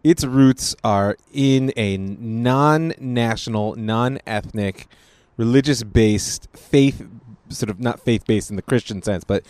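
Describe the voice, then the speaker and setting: Measured, analytical man in podcast talk. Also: medium pitch, a little mellow, dry recording. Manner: measured, analytical, short interjections. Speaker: podcast co-host. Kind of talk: casual political chat.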